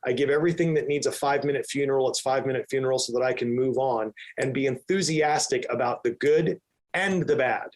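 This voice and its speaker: A man's voice: mid-range voice, fast. A man answering podcast interview questions with emphatic energy, sometimes acting out his own inner voice. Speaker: real estate team leader, podcast guest.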